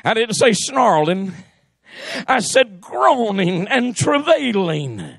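A man preaching a fervent Pentecostal sermon in a church, shouting his phrases and dropping "uh" between them. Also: sits high, big pitch swings, slow pace, vocal fry, no room sound. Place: church sanctuary.

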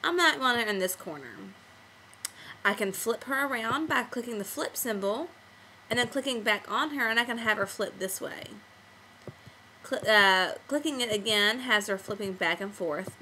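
A woman's voice: on the high side, expressive, moderate pace, pushed and bright, a little hiss or hum, rough recording. A woman teacher walking children through making a comic on screen, patient and step-by-step. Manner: patient, step-by-step classroom explaining. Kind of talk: screen-recorded software tutorial for kids.

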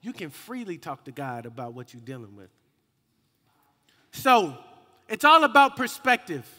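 A young man preaching a slangy, call-and-response youth sermon, rising into shouts. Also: high voice, measured pace. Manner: lively and slangy, calls out to the crowd and rises to shouts. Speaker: youth minister. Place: hall with a youth group. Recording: echoey hall with long reverb.

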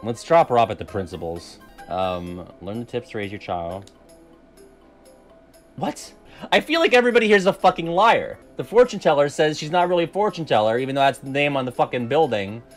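A man streaming video games, chatting at mid pitch with a voice that swoops up and down a lot. He is casual and profane and laughs at his own mistakes. Faint music plays underneath. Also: a little fast. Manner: animated, profane, laughs often, self-deprecating. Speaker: game streamer. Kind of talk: casual gameplay commentary.

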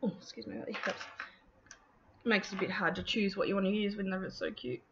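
A woman talking casually through her scrapbooking process, relaxed and chatty, with plenty of ums and thoughts that trail off. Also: mid-range voice, a little fast. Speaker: scrapbooking video host. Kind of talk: casual craft process narration. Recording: dull lo-fi with faint noise.

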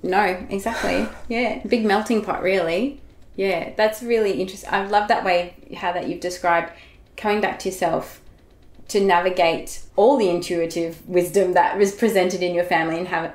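A woman's voice: on the low side, fairly even intonation, normal speed. Affirming woman podcast host, echoey room. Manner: supportive listener, many short affirmations. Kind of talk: casual interview chat. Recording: roomy echo.

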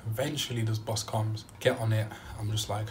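A young man vlogging a travel story, animated and acting out what he said at the time. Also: fairly low pitch, moderate pace, a little hiss or hum. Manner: animated storytelling, acting out his own quotes. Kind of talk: storytime vlog.

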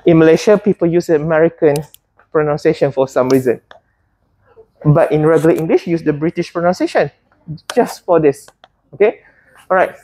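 Husky woman teaching a class. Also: low voice, brisk, long pauses, warm tone. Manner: hesitant, many fillers and restarts, asks students questions. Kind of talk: classroom botany lesson.

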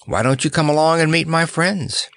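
A man's voice: on the high side, normal speed, vocal fry, fairly bright tone, no echo, studio quality, voice pushed up. A man voicing an earnest, nervous clown who speaks in a rueful, pleading way. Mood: anxious.

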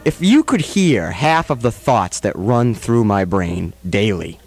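A man's voice: big pitch swings, measured pace, faint music behind. Radio host guy, theatrical and rambly, voice jumps all over the place. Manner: theatrical, swings between loud and low mock-serious tones. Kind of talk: rambling comedic radio banter.

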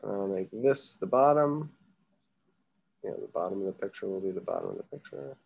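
A man teaching a drawing class, thinking aloud in a relaxed way, with plenty of ums. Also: lowish voice, moderate pace, creaky. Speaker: art teacher. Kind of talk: casual live drawing lesson.

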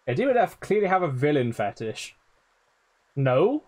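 A man's voice: a little high, big pitch swings, normal speed, a little mellow. A man streaming a game live, swearing often, laughing and teasing his chat. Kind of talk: live gameplay commentary.

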